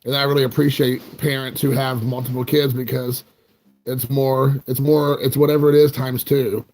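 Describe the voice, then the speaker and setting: He's a card collecting channel host, an American man in his forties, whose mid-range voice is a little mellow and stays level at a normal speed. His chat with viewers is casual, rambling, and full of self-deprecating jokes.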